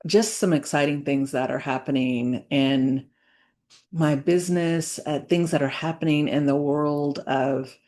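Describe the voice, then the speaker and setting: A woman talks slowly to camera in a reflective vlog, with a low voice. She is earnest and halting, starting over often and leaning on fillers, and she takes her time between thoughts. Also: darkish tone. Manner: slow, halting, with many fillers and restarts; earnest, faith-centered. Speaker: business owner vlogging.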